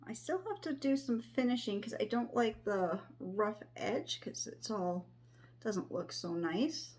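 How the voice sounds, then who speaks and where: A woman quietly narrating her sewing project at home, thinking aloud and often dropping to a whisper. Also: medium pitch, a little slow. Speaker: crafter sewing on camera. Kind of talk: casual crafting narration. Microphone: desk microphone near her.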